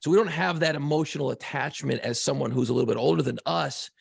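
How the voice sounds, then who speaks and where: A man in his fifties co-hosting a podcast in casual chat, animated and joking, swearing freely. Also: fairly high pitch, quick pace, creaky, breathy edge, no echo, clean studio sound. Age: 50s. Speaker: podcast co-host.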